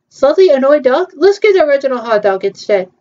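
A woman's voice: sits high, very animated, normal speed, mellow, dull audio. A woman chatting casually through a virtual theme-park tour, hesitant and playful, with frequent ums.

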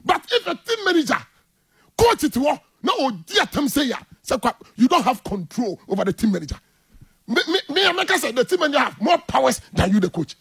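A man's voice: very high-pitched, sing-song, brisk, gravelly, a bit bright, husky. A man with a Ghanaian accent, a football coach speaking indignantly in a heated interview, mixing English and Twi.

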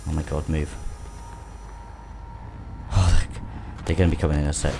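A man's voice: a bass voice, little pitch movement, normal speed, gravelly. A man giving panicky, swearing commentary while playing a game and talking to it. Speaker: gamer. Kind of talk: gameplay commentary. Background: game music.

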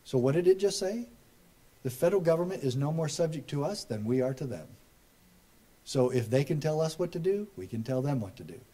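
A middle-aged man giving a rally speech, folksy and joking, building to loud emphatic punchlines. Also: a little high, expressive, fairly quick. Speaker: speaker at a political rally. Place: rally crowd, live address.

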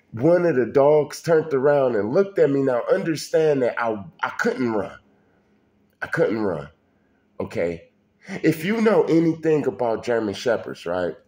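A man's voice: medium pitch, darkish tone. A man telling a personal story in a casual, colloquial way, speaking straight to the listener and often restarting his sentences. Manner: colloquial, addresses listener directly, frequent restarts.

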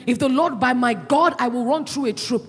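A woman pastor preaching a sermon with passion, swinging between loud cries and hushed asides. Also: high voice, fairly quick. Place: church hall. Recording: echoey church hall, with faint music.

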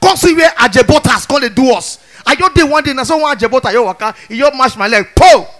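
A Nigerian man performs stand-up in pidgin, his voice sitting very high and bright. He acts out the people in his stories, jumping into shouts and exaggerated voices as he goes. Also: fast talker. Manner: animated storytelling with acted voices and shouts. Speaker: stand-up comedian.

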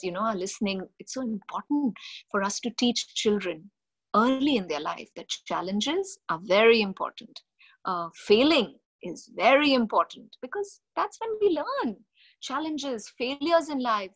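A middle-aged woman, a mindfulness coach giving an animated, expressive webinar talk on parenting. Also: on the high side. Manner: expressive, animated storytelling with acted-out quotes.

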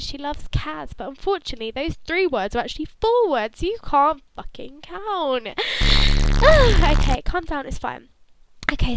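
A woman's voice: sits high, dry recording, poor audio. A woman hosting her gaming channel, giving chatty, jokey commentary with flustered asides as she introduces characters. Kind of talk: casual gameplay commentary.

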